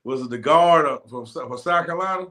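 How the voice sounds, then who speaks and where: A man's voice: a little high, fast, bright, forceful tone. A man hosting an interview, laid-back and rambling with slang. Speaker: host. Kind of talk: casual interview chat.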